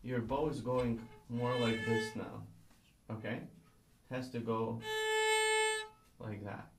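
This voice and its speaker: A man's voice: medium pitch, fairly even intonation, slow pace, creaky, music in the background. Encouraging male violin teacher, not a native speaker. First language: not English. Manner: encouraging, patient, sings rhythms aloud. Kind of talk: one-on-one music lesson.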